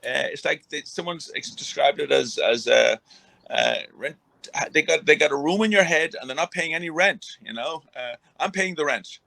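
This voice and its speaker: Guest, middle-aged man, bright edge, rambling talker, dead-dry sound. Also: fairly high pitch, moderate pace, creaky, no room sound. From Ireland. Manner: rambling, many restarts and fillers. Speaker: guest, retired boxer. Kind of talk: casual interview conversation.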